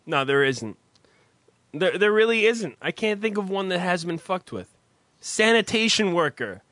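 A man co-hosting a casual comedic chat, swearing freely and getting excited. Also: high voice, normal speed, no echo. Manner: profane, excitable, laughing.

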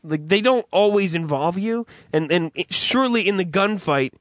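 A man's voice: high voice, animated, normal speed, dry recording, studio quality. A young man co-hosting a podcast in loose casual chat, rambling, swearing and laughing often. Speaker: podcast co-host.

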